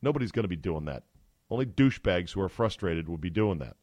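A man's voice: low-pitched, animated, quick pace, a little mellow, no room sound. A man hosting a sports talk podcast, delivering casual, sarcastic commentary.

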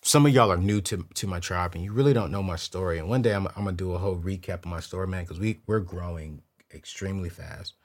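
A man hosting a money show, telling a casual story to camera in a slangy, animated way and repeating words when excited. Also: low-pitched, fast. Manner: slangy, keeps it real with viewers. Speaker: host.

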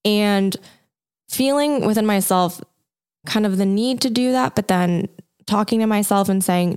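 A young woman co-hosting a podcast, with a smooth, clear voice at an ordinary pitch. She talks things through thoughtfully and pauses now and then to find her words. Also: a little mellow. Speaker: podcast co-host. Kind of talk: reflective podcast conversation.

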